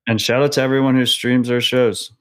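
A man's voice: mid-range voice, level tone, a little fast, a bit bright. A male podcast co-host talking casually in a mid-range voice. He is blunt and swears freely as he chats. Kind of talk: casual chat.

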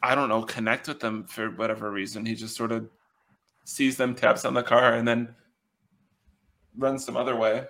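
Podcast co-host, male, gravelly, hesitant and halting delivery. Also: medium pitch, little pitch movement, a bit bright. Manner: hesitant, many ums. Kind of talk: casual chat.

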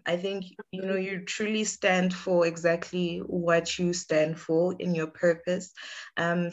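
A woman hosts a podcast interview in relaxed conversation. Her voice sits a little low, and she is encouraging and quick to laugh. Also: highs cut off. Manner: warm encouraging, laughs often. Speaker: podcast host. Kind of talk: casual interview chat.

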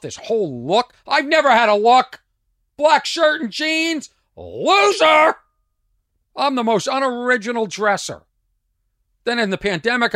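A middle-aged man with a strained voice, a comedian telling a rambling story on his podcast, dropping to mutters and rising loud again. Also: a little high, no echo, studio quality. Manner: animated, swings from muttering to loud. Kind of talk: casual storytelling monologue.

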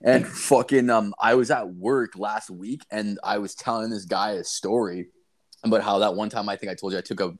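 A man with a fairly low voice rambles through stories on a casual podcast. He swears freely and talks loosely. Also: fairly even intonation, moderate pace. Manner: profane, rambling storytelling. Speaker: podcast co-host. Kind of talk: casual chat.

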